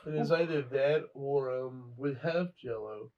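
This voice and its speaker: A man's voice: mid-range voice, unhurried, darkish tone. Laid-back young man, lo-fi recording. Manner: laid-back, teasing, slangy. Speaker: podcast co-host. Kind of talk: casual chat. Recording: dull lo-fi recording with faint hiss.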